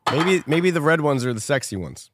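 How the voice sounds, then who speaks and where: A man's voice: fairly high pitch, sing-song, noisy background. A man co-hosting a casual podcast chat, laughing often and stretching words out oddly as he plays a word game. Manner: giggly, drawls words out slowly and oddly. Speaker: podcast co-host.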